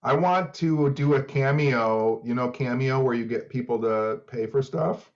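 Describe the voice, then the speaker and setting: A man's voice: mid-range voice, unhurried, lo-fi sound. A man co-hosting a podcast in casual, joking chat, laughing easily. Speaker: podcast co-host.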